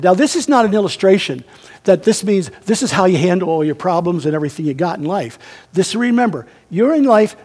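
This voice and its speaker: A man preaching a sermon as pastor, emphatic and swinging between raised and hushed delivery. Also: sits high, husky.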